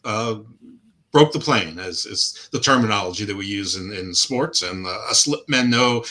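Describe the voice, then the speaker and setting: A middle-aged man co-hosts a sports podcast with a bright, forward tone. He rambles through plays in a casual, opinionated way, full of fillers and restarts. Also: on the low side, animated, moderate pace. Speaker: podcast co-host.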